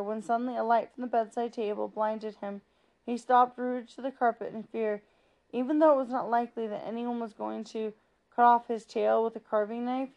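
A woman reading a children's novel aloud in a steady, plain narrating voice, with small slips. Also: on the high side. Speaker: reader.

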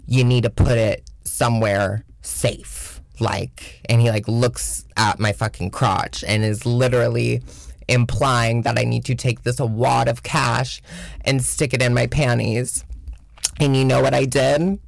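Rumbling low and a little slow, this Washington State vlogger, a young adult woman, keeps her intonation fairly even and her vocal fry noticeable. Her storytime is casual, chatty and profane, heavy on "like" and other fillers, with mocking voices in quotes; there's no echo.

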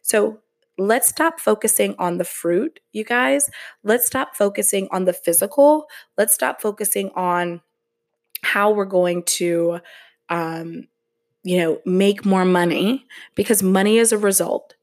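Woman podcast host, motivational, slow and earnest, casual delivery. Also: medium pitch.

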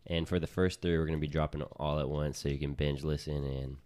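Man, very deep voice, mellow, relaxed, casual podcast co-host, talks to listeners. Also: fairly quick, smooth. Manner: relaxed, addresses listeners as "you guys".

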